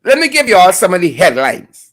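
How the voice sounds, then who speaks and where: A political commentator with a Guyanese accent hosts a live stream in a sarcastic, mocking tone. The pitch swoops widely from phrase to phrase, and key points are hammered home through repetition. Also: huge pitch swings, a little fast, fairly bright tone.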